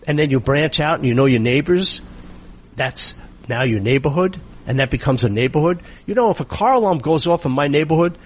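Indignant man with a husky, lively voice. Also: mid-range voice. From United States. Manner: indignant, rhetorical questions, emphatic. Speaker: political commentator. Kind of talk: opinionated monologue.

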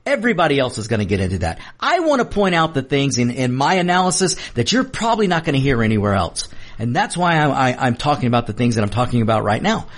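A man's voice: mid-range voice, very animated, quick pace. A middle-aged man hosting a political commentary show, delivering an emphatic opinionated monologue straight to his viewers, often restarting and repeating himself.

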